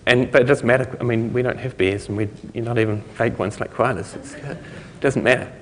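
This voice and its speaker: A man's voice: medium pitch, steady tone, fairly quick, slight background noise. New Zealand man talking in a reverberant hall. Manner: loose and conversational, self-correcting, chuckling. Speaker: conference speaker. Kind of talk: technical talk on speech recognition.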